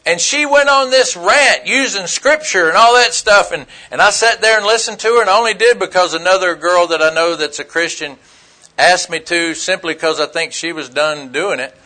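A man's voice: high-pitched, normal speed, pushed and bright. A man preaching a conversational sermon, telling stories in a blunt, folksy way and asking his listeners questions.

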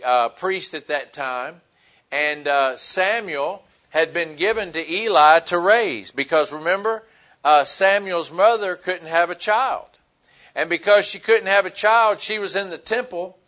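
Male pastor, high voice, casual sermon delivery with filler words. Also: bright, forceful tone. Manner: conversational preaching with fillers, acting out Bible dialogue.

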